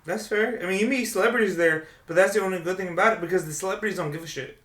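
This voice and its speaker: A man hosting a podcast in a studio, chatting casually and reacting excitedly, swearing freely. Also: high-pitched, racing. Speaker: podcast host. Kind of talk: casual chat.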